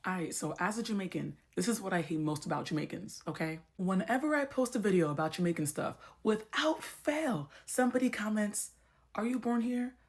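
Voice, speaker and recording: A fairly low-pitched woman from the United States rants straight to camera. She argues point by point and keeps checking in with rhetorical questions. She sounds casual and heated. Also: expressive, brisk, few pauses. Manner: argumentative, explaining step by step, rhetorical questions. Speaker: social media creator. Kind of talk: ranting to camera.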